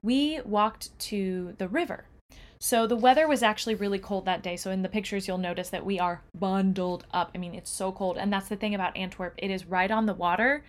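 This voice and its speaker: Woman podcast co-host, casual travel chat, enthusiastic storyteller, mid-pitched voice. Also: fairly even intonation, brisk. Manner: chatty, enthusiastic storytelling with fillers.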